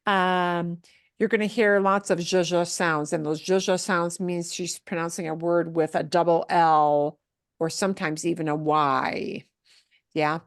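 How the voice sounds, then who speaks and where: Slow-paced woman teaching Spanish. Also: lowish voice, little pitch movement, clear, resonant tone, no room sound, clean studio sound. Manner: explanatory, repeats words slowly for learners; mixes English with Spanish phrases. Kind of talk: recorded class lesson.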